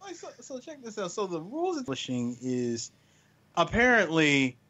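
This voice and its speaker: A man's voice: high-pitched, very animated, moderate pace, sharp tone. A man co-hosting a casual movie chat, explaining plot and rambling with lots of "like". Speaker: podcast co-host. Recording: dull lo-fi mic.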